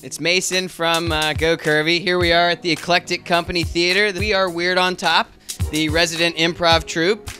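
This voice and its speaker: A man's voice: on the high side, flat delivery, normal speed, bright, forceful tone, faint music behind. A young man, an improv performer, chatting casually and joking, tripping over names. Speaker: improv performer and camera operator. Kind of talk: casual backstage chat.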